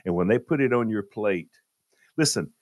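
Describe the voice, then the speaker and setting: A man's voice: on the low side, expressive, normal speed, no room sound, muffled recording. A man telling a comic story on a radio show, dramatic and exasperated as he relives it. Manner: dramatic, jumps into loud exasperated retellings.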